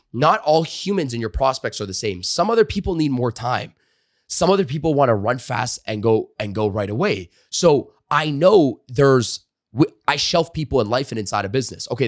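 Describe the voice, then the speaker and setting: A man who trains salespeople, a podcast guest telling stories in a lively way and using many casual fillers. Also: medium pitch, no echo, studio quality. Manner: animated storyteller, frequent "like" and "you know" fillers. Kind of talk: conversational storytelling interview.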